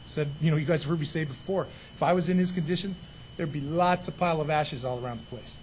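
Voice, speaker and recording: A man preaching a sermon as pastor, conversational and animated, with joking asides. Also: fairly high pitch, quick pace, a little hiss or hum, low-quality recording.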